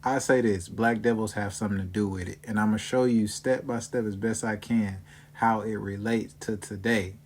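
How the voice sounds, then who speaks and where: A man hosting his own video, talking casually and steadily to viewers, repeating himself to make his points clear. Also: fairly low pitch, steady tone, moderate pace, slight background noise. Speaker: video host. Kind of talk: casual explainer talk to viewers.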